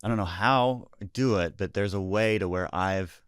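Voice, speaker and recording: A man who is a comedian, talking as a podcast guest in a rambling, reflective, deadpan way. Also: low voice, moderate pace, smooth, no echo, clean studio sound. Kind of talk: casual podcast chat. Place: podcast studio.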